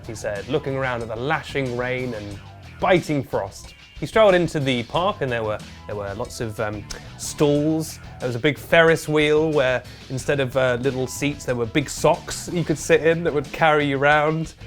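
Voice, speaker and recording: A man hosting a comic news show in a dry, deadpan, mock-serious way. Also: a little high, moderate pace, faint music behind. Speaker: host. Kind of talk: comedic news commentary.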